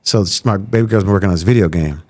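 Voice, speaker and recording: A man's voice: sits low, very fast. A man in his thirties from Chicago, a radio host chatting casually as a podcast guest, acting out quotes as he tells stories. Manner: animated storyteller, acts out quotes. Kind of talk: casual chat.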